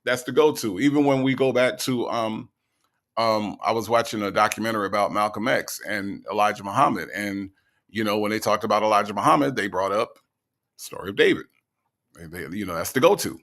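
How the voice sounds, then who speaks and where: A man from the American South hosting casual reaction commentary, animated and mocking, with a gravelly voice. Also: lowish voice, fairly quick. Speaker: commentary channel host.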